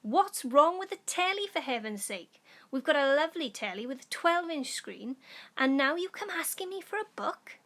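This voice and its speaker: A woman's voice: very high voice, big pitch swings, moderate pace, hardly any pauses, sharp tone, pitched above the performer's own voice, exaggerated voice. A woman reading aloud as a grumpy father scolding his daughter, in a blustering, indignant voice. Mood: irritated scolding.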